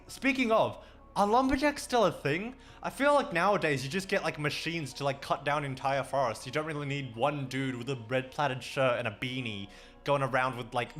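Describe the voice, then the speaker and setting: A man's voice: on the high side, a bit bright. A young Australian man chatting casually on a livestream, rambling, swearing and laughing often. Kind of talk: casual chat stream. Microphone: desk microphone.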